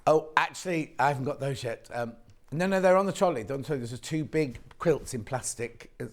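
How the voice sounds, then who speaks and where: A woman's voice: rumbling low, lively intonation, a little fast. A woman presenting live on a TV shopping channel, chatting in a bubbly way and joking with the crew between product details. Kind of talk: live TV shopping sales chat. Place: TV studio.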